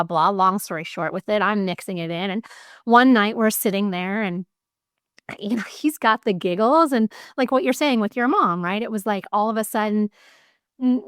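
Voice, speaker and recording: A woman hosting a podcast, telling a personal story in candid, animated casual chat and swearing freely. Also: medium pitch, clean tone, no room sound, studio quality. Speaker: podcast host.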